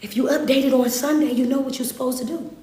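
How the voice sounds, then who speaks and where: A woman's voice: sits high, steady tone, quick pace, darkish tone. A woman giving a live-streamed motivational talk, preaching in a call-and-response way and speaking straight to her viewers. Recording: echoey room.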